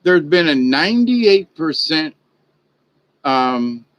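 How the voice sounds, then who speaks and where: Man, casual vlog monologue, folksy, rambling, slightly high voice. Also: takes it slowly, dry recording, lo-fi sound. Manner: folksy, chatty, animated in retold exchanges. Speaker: vlogger.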